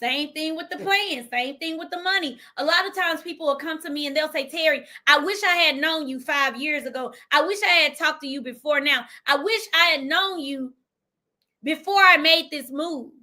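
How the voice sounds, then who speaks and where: A woman from Memphis, Tennessee, with a Southern accent, gives an emphatic motivational livestream talk as a business coach, repeating lines for effect. Her high-pitched voice is bright and forceful, at a normal speed.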